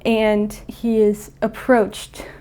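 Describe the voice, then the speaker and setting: A woman's voice: mid-range voice, completely flat delivery, extremely slow, darkish tone, clean tone. A young woman casually retelling a cartoon plot in a rambling way full of fillers, chuckling now and then. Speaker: video creator.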